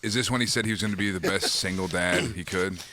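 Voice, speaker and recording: A man's voice: low-pitched, steady tone, quick pace, sharp tone, slight background noise. A man chiming in on a radio show with short reactions and questions. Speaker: radio co-host. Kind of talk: casual radio banter. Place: radio studio.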